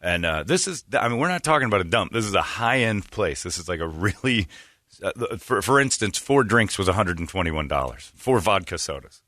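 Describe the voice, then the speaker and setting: Deep guy on a radio show rambling thru a story, bright forceful voice, dry close mic. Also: a little fast, dry recording. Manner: rambling, animated anecdote with quoted voices.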